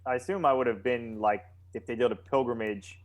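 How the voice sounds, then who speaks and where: A man's voice: medium pitch, steady tone, brisk. A man playing a tabletop game, hesitantly thinking his ideas through aloud. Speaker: player. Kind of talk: casual tabletop play.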